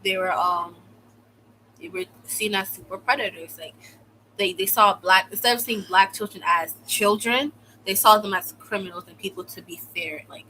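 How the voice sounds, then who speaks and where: Bright-voiced young woman ranting. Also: mid-range voice, normal speed, a little hiss or hum, poor audio. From United States. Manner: exaggerated, sarcastic, fills speech with "like". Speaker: vlogger telling a personal story. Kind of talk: casual storytime rant.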